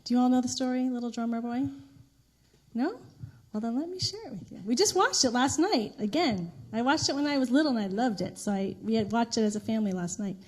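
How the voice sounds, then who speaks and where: A middle-aged woman minister giving a sermon in a conversational storytelling way, with restarts and soft laughs. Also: a little high, expressive, brisk. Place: church sanctuary.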